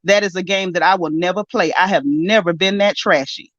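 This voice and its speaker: A woman's voice: on the low side, a little fast, a bit bright, dry recording. A woman host ranting through a casual reality-show recap with indignant, emphatic force, stacking up repeated phrases. Her voice comes through slightly muffled and lo-fi, with a dry, close sound and no room around it.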